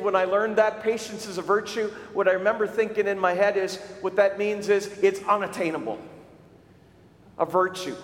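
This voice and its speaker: A male pastor preaching a sermon, telling stories with animated shouts for emphasis. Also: high voice. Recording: echoey hall recording.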